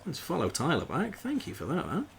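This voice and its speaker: A man's voice: fairly high pitch, wildly swooping pitch, fairly quick, creaky, a little hiss or hum. A man streaming live, chatting casually with viewers while he plays a game, joking and swearing freely. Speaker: variety streamer.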